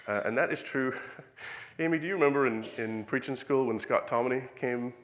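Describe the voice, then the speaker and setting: A man's voice: medium pitch, moderate pace, a bit bright. A man with an Irish accent preaching a sermon in a church, reading scripture and acting out the quoted dialogue in a conversational, self-correcting way.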